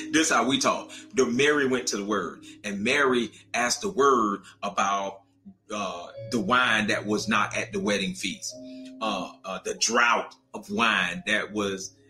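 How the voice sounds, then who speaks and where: Male preacher with a bright, forceful voice and a lilt, preaching with call and response over faint music. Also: slow pace. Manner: preaching, calls out to the congregation, rising pitch. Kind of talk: sermon.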